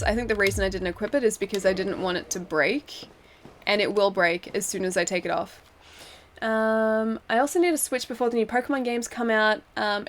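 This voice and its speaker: A young woman talks her way through a video game live, answering viewers in an easy, chatty flow and laughing often. Her voice sits a touch higher than most. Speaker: game streamer. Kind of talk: casual live-stream commentary while playing.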